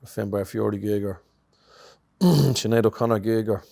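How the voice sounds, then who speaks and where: Middle-aged Irish male guest: a low-pitched, easygoing talker who muses aloud. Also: measured pace, vocal fry. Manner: relaxed and reflective, many "you know" fillers. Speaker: musician guest. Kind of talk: conversational interview.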